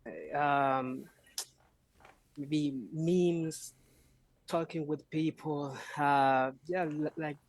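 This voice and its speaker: Slow, halting male candidate. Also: on the high side, steady tone. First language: Spanish. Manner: halting, searches for words, trails off. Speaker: test candidate. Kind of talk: speaking exam answers. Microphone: video call.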